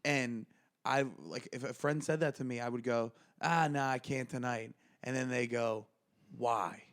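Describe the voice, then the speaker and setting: A man's voice: mid-range voice, a little slow. A man co-hosting a podcast, telling stories in casual chat and acting out what others said. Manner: animated storyteller, acts out quotes with laughs. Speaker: podcast co-host.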